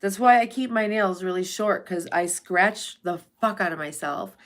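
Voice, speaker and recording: A woman's voice: fairly low pitch, normal speed. Brief: woman livestream host, casual chat, blunt and profane, talks straight at viewers by name. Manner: blunt and profane, chatty, reads out viewer names.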